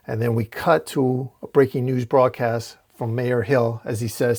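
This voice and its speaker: Brief: male host retelling a comic issue, casual and descriptive, medium-pitched voice. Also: flat delivery, normal speed, darkish tone. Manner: recounts panel by panel, casual restarts. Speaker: comic book recap host.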